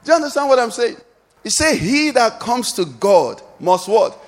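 Male pastor, high voice, call-and-response sermon style, long church reverb. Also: very animated, normal speed. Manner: preaching with call-and-response questions, rising to shouts.

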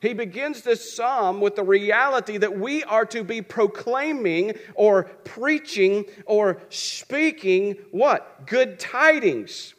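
A man preaching a sermon. He asks questions and answers them himself, and repeats phrases for rhythm. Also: high voice.

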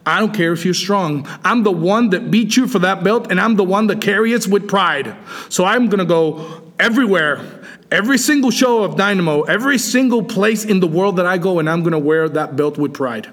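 A man's voice: high voice, a little fast, a bit bright. A man, a wrestling champion, cutting an irate, taunting promo in a bar and grill.

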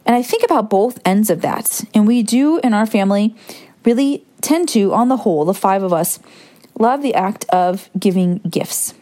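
A woman hosting a reflective solo podcast, talking in a gentle, musing way and wandering into asides. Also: mid-range voice, expressive, moderate pace. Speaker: podcast host.

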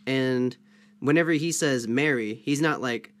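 A man taking part in a Bible study. He reads scripture aloud and talks it through casually, dropping fillers like "you know" and "um". His pitch is middling. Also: a little slow, fairly bright tone. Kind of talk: scripture reading and discussion.

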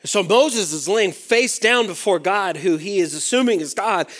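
A man preaching a sermon to young adults, reading scripture aloud and swinging between emphatic peaks and hushed asides. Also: sits high, lively intonation, moderate pace. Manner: reads scripture aloud and acts out the quoted lines.

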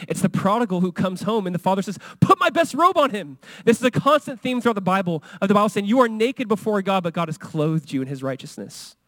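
Earnest high-voiced male pastor preaching. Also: no echo. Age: young adult or middle-aged, father of a son. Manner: earnest, conversational, acts out quoted voices. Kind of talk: sermon.

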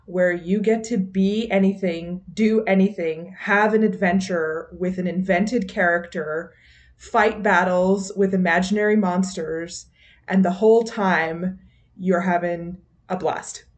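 Slow-talking British woman podcast host. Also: lowish voice, steady tone. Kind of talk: casual podcast chat.

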